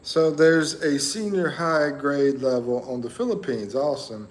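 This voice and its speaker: Speaking at a measured pace in a voice on the high side, a man runs a laid-back livestream. He rambles through his thoughts while talking with viewers and reading out their comments.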